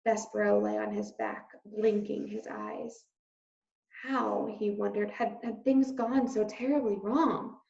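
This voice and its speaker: A woman teacher reading a children's novel aloud with expressive storytelling. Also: medium pitch, a little slow, creaky. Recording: roomy, slightly dull recording.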